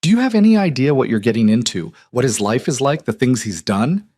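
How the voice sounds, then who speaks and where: A man's voice: mid-range voice, very animated, a little fast, warm tone, voice pushed up. A man voicing an upset, protective best friend.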